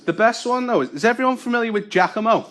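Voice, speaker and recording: A young man doing a stand-up comedy set, deadpan, breaking into loud character voices. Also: extremely high pitch, fast talker. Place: comedy club with audience laughter. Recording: live gig with audible noise.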